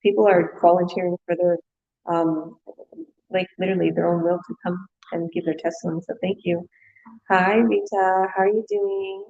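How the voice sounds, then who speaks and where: A woman's voice: lowish voice, fairly even intonation, moderate pace, vocal fry, dark tone, highs cut off. A woman hosting a live business webinar, chatty and effusive, with many fillers.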